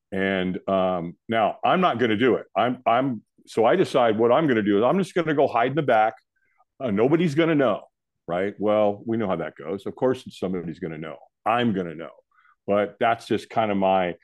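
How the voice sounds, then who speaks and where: An older man from California, a podcast guest telling a personal story in a lively way, acting out the other people's lines. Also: on the low side. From California, USA. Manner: animated storyteller who acts out the quoted voices. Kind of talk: storytelling in an interview.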